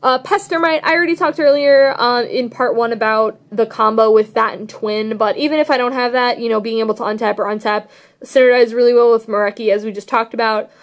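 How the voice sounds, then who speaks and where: Her pitch runs high and her delivery fairly quick as this young card game vlogger rambles through a casual deck tech. She gushes about her deck and leans heavily on fillers.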